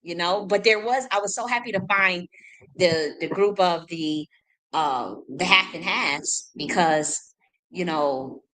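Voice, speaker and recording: A woman's voice: on the low side, unhurried, fairly bright tone, poor audio. A woman talks straight to her audience in an unscripted, wandering monologue. She doubles back on her words, repeats herself and breaks into short laughs as she goes. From United States. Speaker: spiritual reader and channel host.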